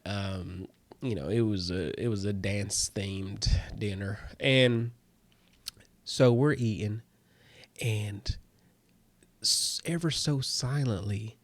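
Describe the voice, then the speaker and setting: Rambling animated comedian man. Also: no echo. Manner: rambling, animated, voice jumps high when excited. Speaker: comedian host. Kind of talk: casual comedic storytelling.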